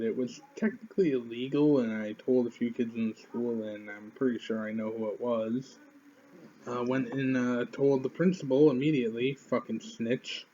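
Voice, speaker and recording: A man's voice: mid-range voice, a little mellow, lo-fi sound. A man in his twenties, a YouTuber, telling a rambling, profane story to the camera in an offhand way.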